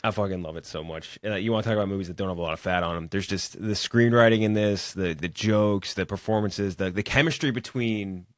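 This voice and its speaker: Man, co-host, low voice, dry close sound, enthusiastic, swears a lot. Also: a little fast, few pauses, no echo. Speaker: podcast co-host. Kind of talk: casual movie chat.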